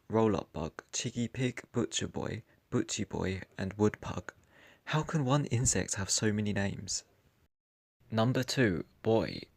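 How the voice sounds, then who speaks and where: A man's voice: lowish voice, creaky, no room sound. A man with a British accent talking to camera in a casual vlog, dry and wry in tone, recorded indoors in his room. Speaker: vlogger.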